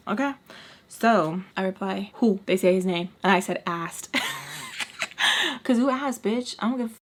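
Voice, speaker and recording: A young woman vlogger telling a casual story while doing her makeup, sassy and animated, acting out quotes with her own asides. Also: mid-range voice.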